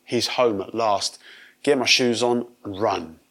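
A man's voice: on the low side, a little slow, a bit bright. Man preaching conversationally. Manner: conversational, acts out quoted voices. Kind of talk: sermon.

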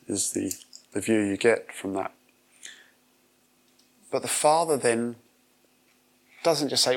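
A man's voice: medium pitch, lively intonation, slow, pauses often. A man giving a conversational sermon, acting out quoted voices as he retells a parable. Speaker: preacher.

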